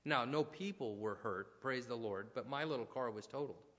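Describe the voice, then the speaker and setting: A man's voice: medium pitch, moderate pace, a bit bright. A man preaching a sermon, talking conversationally and telling personal stories with asides and restarts. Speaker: pastor. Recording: long hall reverb.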